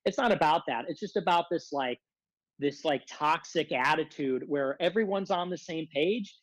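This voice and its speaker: A man with a fairly high voice, talking as a guest on a podcast. He rambles through a long, aggrieved complaint and stuffs "like" between almost every phrase. The sound is close and dry. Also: moderate pace, dry recording, low-quality recording. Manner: rambling aggrieved rant, heavy use of filler "like". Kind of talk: casual podcast conversation.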